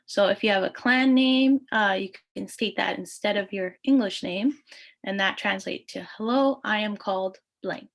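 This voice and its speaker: A woman from Thunder Bay, Canada, teaching a beginners' language lesson, patiently repeating each phrase slowly, with frequent "um" and "uh". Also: mid-range voice, gravelly.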